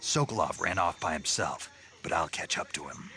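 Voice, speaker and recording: An actor playing a hardened male special-forces agent in a video game, speaking tersely and gruffly. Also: deep voice, lively intonation, moderate pace, bright, forceful tone, heavily acted. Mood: grim. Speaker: game character.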